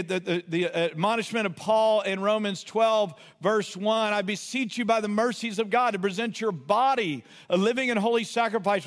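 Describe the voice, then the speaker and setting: A man preaching a sermon with passion, rising to shouted cries and then dropping to quiet asides. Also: high-pitched, big-room sound. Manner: impassioned, builds to shouted cries, self-correcting asides. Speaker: pastor.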